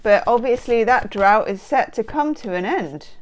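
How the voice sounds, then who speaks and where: A woman's voice: on the high side, lively intonation, normal speed. A woman giving a tarot card reading to camera, bubbly, playful and full of exclamations, speaking into a close microphone. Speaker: tarot reader.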